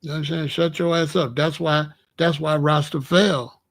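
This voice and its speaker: A man's voice: on the high side, fairly even intonation, normal speed, vocal fry. A man from the United States giving a boastful, confrontational, profane monologue.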